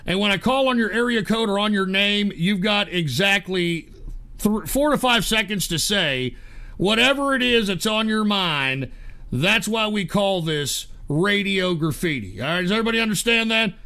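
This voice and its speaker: Gravelly, profane livestream host, high and tense. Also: male voice, expressive, moderate pace, pushed and bright. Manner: profane, angry ranting; stammering restarts. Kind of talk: ranting livestream broadcast.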